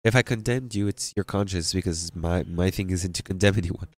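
Low-voiced male pastor preaching. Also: brisk. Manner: emphatic preaching, asks the congregation questions. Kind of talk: sermon.

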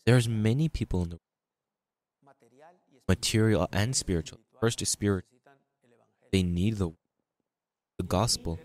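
A man's voice: on the low side, measured pace, long pauses, darkish tone. A man preaching a sermon in a conversational way, reading scripture and telling everyday stories. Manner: conversational preaching, restarts, reads scripture aloud. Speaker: pastor.

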